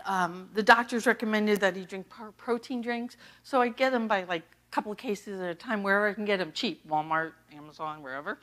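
A woman's voice: mid-range voice, fairly bright tone. An American woman, an associate pastor, preaching a sermon in a conversational, storytelling way and acting out the dialogue.

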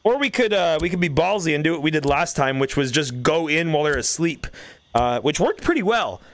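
A man streaming a video game, commenting casually, excitable and swearing as he yells at the game. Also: a little high, a little fast.

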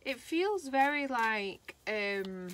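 A woman gives a spiritual card reading in a bright, clear voice. She speaks slowly and haltingly, pausing often as she puts feelings into words. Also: a little high, lively intonation, a little hiss or hum. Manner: slow, halting and emotional, channeling feelings. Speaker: tarot reader.

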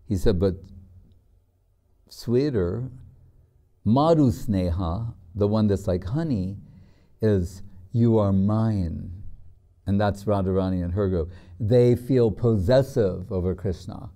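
Older man, spiritual teacher, unhurried anecdotal sermon, mellow dark voice. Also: fairly low pitch. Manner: storytelling, frequent "you know", acts out quoted voices. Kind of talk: sermon lecture.

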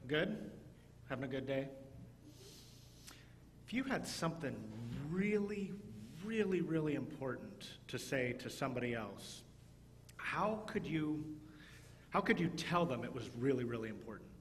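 A man leading a church service as pastor, talking to children with playful, animated emphasis. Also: medium pitch, a little slow, long pauses, big-room sound, slight background noise. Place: church sanctuary.

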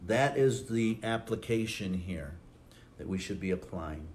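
A man's voice: deep voice, lively intonation, measured pace, a little mellow, slight background noise. A man preaching a sermon as pastor, acting out quoted lines with a lifted voice. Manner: preaching, acts out quotes with rising voice.

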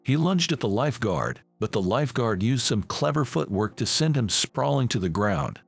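Male narrator for scripted story, gravelly, husky, lively pitch. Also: moderate pace.

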